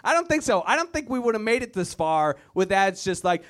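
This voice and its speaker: Very animated and a little fast, this high, fairly bright-toned voice belongs to a stand-up comedian from Virginia, USA. Performing at a comedy club for a live audience, he mocks the voices of the people in his stories.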